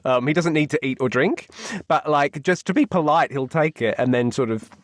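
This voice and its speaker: A man's voice: fairly high pitch, moderate pace, no echo, studio quality. A man playing a tabletop game, chatting in an easygoing way with laughs. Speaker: player. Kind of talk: casual chat.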